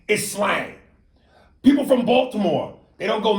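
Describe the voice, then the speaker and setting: A man co-hosting a podcast in casual chat, animated and profane, often mimicking accents and slang. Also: high voice, moderate pace, vocal fry, reverberant. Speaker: podcast co-host.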